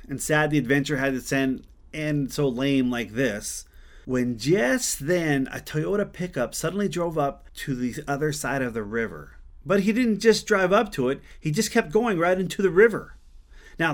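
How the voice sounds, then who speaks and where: A man from Montana tells a personal story, his voice sitting a little higher than most men's. He talks in an earnest, conversational way and often restarts a word to correct himself.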